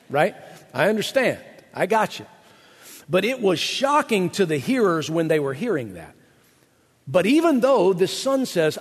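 A male pastor preaches in a lively, animated way, slipping into playful voices to act out the lines he quotes. His voice sits notably high for a man. The sound carries the long reverb of a big hall. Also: moderate pace, slightly rough. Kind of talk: sermon.

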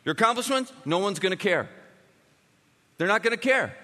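A man preaching a sermon as a pastor, emphatic and animated, swinging from loud bursts to quiet, intimate lines. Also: high voice, normal speed. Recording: long reverb of a large hall.

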